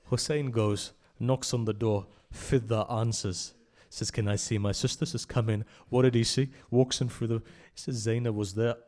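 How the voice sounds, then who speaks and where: A man delivers an emotional religious recitation at a mourning gathering. His mid-range voice rises to loud, impassioned cries and then sinks back to a quiet, heavy tone. He keeps pulling the listeners in with direct questions. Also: medium pitch, steady tone, normal speed, hardly any pauses. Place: religious centre hall.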